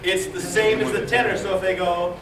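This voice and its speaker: During choir practice in a large rehearsal hall, a man gives instructions in a high, level voice at a fairly quick clip. He encourages the group, repeats words, and sings short phrases as examples. Captured from afar on a recorder, the audio comes out hissy and echoing.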